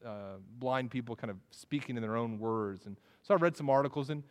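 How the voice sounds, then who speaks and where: Male pastor, sermon, mid-pitched voice, stumbling restarts, long hall reverb. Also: brisk. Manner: repeats words in restarts.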